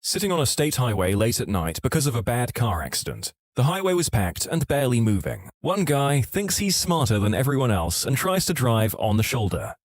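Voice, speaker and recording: Male story narrator, scripted reads, animated intonation, mid pitch. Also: dry recording, clean studio sound. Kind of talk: scripted narration of online stories.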